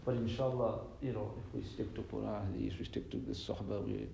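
A man's voice: fairly low pitch, flat delivery, a little fast, vocal fry, dark tone, reverberant, a little hiss or hum, poor audio. A man giving an earnest sermon, repeating phrases and mixing Arabic and Urdu terms into his English. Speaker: imam giving a religious talk.

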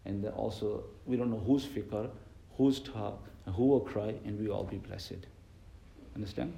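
A man's voice: fairly low pitch, normal speed, gravelly, mellow, roomy sound, a little hiss or hum, rough recording. A man giving an earnest sermon, repeating phrases and mixing Arabic and Urdu terms into his English. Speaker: imam giving a religious talk.

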